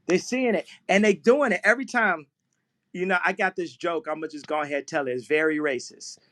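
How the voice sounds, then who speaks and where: High-voiced man telling rambling stories. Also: brisk. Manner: rambling, animated storytelling. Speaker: guest. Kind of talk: casual talk on an audio chat room.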